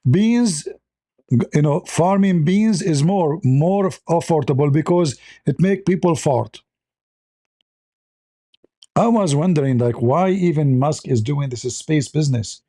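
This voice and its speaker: Male show host, blunt and mocking, talks in broken English; somewhat high but dark-toned voice. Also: takes it slowly. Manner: sarcastic, blunt, broken grammar. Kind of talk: mocking live commentary.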